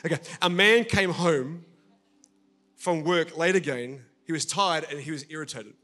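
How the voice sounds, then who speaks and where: A man's voice: on the high side, unhurried, sharp tone. A man preaching as senior pastor at a church service, telling a story and appealing earnestly and directly to his listeners. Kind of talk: sermon.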